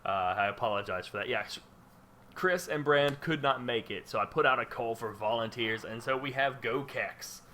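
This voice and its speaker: A man's voice: medium pitch, moderate pace, bright, forceful tone, slight background noise. A man hosting a casual gaming podcast, rambling with lots of fillers and restarts. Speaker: podcast host. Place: home room under a spotlight.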